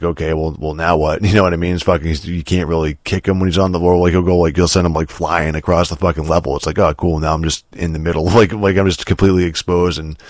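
A man's voice: sits low, dry recording, studio quality. A man casually reviewing a video game. He rambles, swears constantly, restarts his sentences and chuckles often.

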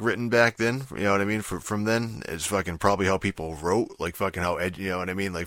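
A man's voice: low-pitched, bright, forceful tone, dry recording. A man ranting casually about a TV show, profane and rambling, full of fillers and restarts. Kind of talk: casual rant.

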